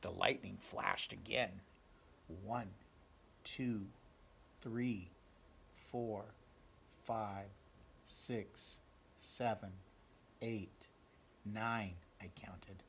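A man reading a children's picture book aloud, counting slowly and asking the listeners questions. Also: fairly low pitch, steady tone, fairly bright tone, slight background noise. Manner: clears throat, asks listeners direct questions, counts slowly. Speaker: storybook reader.

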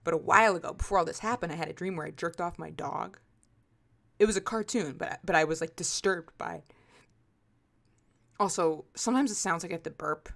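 A woman podcast host telling rambling comic stories in casual chat over a video call, often jumping into high quoted voices. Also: a little fast, creaky, pauses often, fairly bright tone. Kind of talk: casual comedic storytelling.

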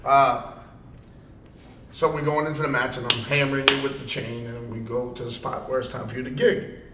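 A man in casual chat, telling a wrestling story in an animated, profane, laughing way, recorded in a room. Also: medium pitch, normal speed. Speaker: wrestler guest. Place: convention event room. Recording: roomy, distant mic, faint noise.

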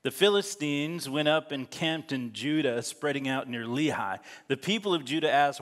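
A man's voice: mid-range voice, moderate pace, a bit bright. A man preaching a sermon as pastor, reading scripture aloud and breaking off into joking, laughing asides. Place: church sanctuary. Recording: long hall reverb.

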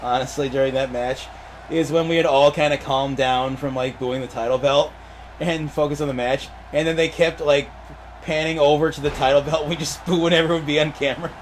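A man's voice: a little high, steady tone, a little fast, a little hiss or hum. A young man giving casual, laughing play-by-play commentary on a wrestling video game.

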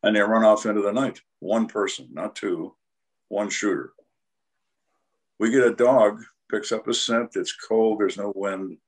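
An older man with a low, husky voice tells crime stories as an interview guest. His delivery is blunt, dry and dramatic, with deadpan punchlines. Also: unhurried. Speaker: retired homicide detective, guest. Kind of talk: storytelling interview.

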